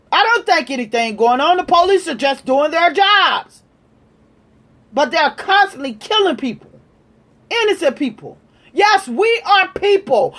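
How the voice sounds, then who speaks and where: A woman's voice: very high voice, very animated, measured pace, fairly bright tone. A woman delivering a heated, profane political rant, repeating her points with emphasis. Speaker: political commentator.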